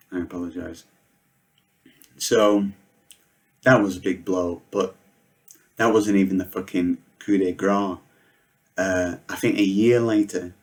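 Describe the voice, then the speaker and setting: A man in his thirties tells comic stories in a deadpan, rambling manner. He swears freely and wanders off on tangents. His voice sits on the low side. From Northwest England. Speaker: comedian. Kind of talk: comedic storytelling monologue.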